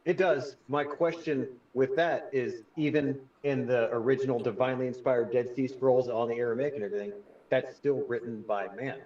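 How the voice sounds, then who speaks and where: A man in a casual group chat, raising a question haltingly and searching for words. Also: medium pitch, steady tone, a little mellow, distant mic, lo-fi sound.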